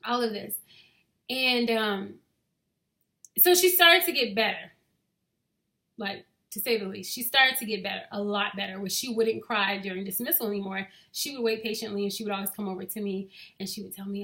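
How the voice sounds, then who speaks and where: Bright-voiced woman telling a story. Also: on the high side, moderate pace. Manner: chatty, laughs while telling, addresses listeners as y'all. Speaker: educator. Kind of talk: casual personal storytelling.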